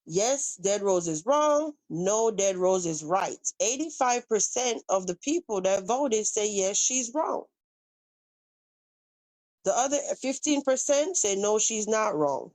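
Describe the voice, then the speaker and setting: A woman's voice: medium pitch, lively intonation, slow pace, a little mellow. A woman with a Southern US accent hosting a casual live stream, talking bluntly and with plenty of swearing as she speaks straight to her chat. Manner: blunt, profane, addresses chat directly. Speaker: livestream host.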